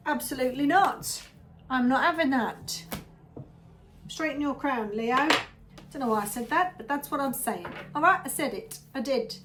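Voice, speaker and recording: A woman's voice: high-pitched, animated, moderate pace, over music. A woman giving a casual tarot reading to her viewers, chatty and rambling, often drifting into little asides. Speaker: tarot reader.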